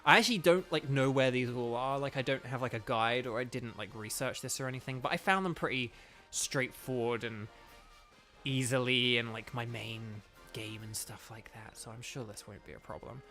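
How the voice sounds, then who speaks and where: A man with a Northern Irish accent chats his way through a game, rambling and restarting with plenty of fillers. His voice sits at an ordinary middle pitch. Faint game music plays quietly underneath. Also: normal speed. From Northern Ireland. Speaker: gaming YouTuber and voice actor. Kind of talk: casual let's-play commentary.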